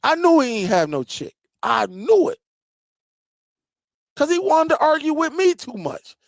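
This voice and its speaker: A man hosting a streaming tech channel, chatting casually with viewers and telling stories in an animated way, laughing and repeating himself. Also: very high voice, a little slow, creaky, dry recording, studio quality.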